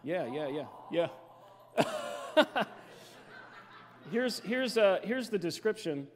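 A man, preaching a playful, story-filled sermon and joking with the crowd. His voice sits fairly high for a man. A long reverb from the hall trails after his words. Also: measured pace, pauses often. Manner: storytelling, playful, chatty with the audience. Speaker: guest preacher. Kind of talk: humorous sermon to a congregation.

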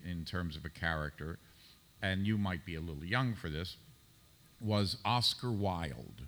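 A man's voice: low voice, a bit bright. A male actor on a convention panel, telling an articulate anecdote with a few fillers. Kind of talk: storytelling panel answer.

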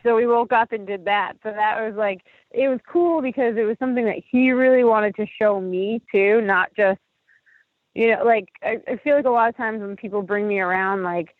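A woman podcast guest who is walking across the country tells a rambling story about her walk, chatting casually with lots of fillers and acting out quoted voices. Her medium-pitched voice comes at a normal speed over a tinny, phone-like, dry line.

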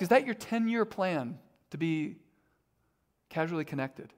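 A middle-aged male pastor delivers a sermon in a relaxed, conversational way. He fills his talk with casual fillers and self-deprecating asides, and his voice sits slightly higher than most men's. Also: unhurried.

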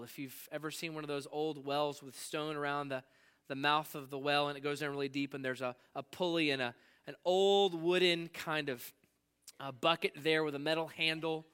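A man preaching a sermon with a bright, crisp voice pitched a little high. He slows right down to press on key words and lets his voice drop low and quiet for personal moments. He sounds like a pastor in his forties.

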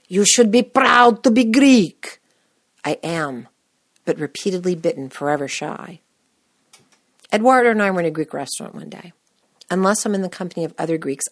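Woman, podcast host, scripted personal narration, wry self-deprecating humor, lowish voice, dry close sound. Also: dry recording.

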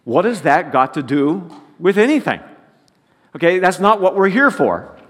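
A man's voice: high-pitched, big pitch swings, normal speed, fairly bright tone, big-room sound, voice pushed up, heavily acted. A man doing a firm, patient star quarterback. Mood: exasperated. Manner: matter-of-fact, firm.

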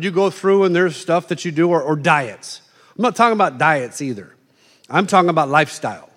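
A middle-aged man gives a conversational sermon, playing out quick quoted voices as he talks. His voice sits fairly high for a man. Long reverb trails off the walls of a large hall. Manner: animated, plays out quoted voices in asides. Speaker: preacher.

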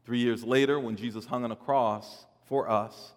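A man's voice: medium pitch, fairly even intonation, normal speed. Male preacher, sermon delivery, rises and falls in volume, long hall reverb. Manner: dynamic delivery, swelling loud then dropping soft, with repeated words. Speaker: pastor.

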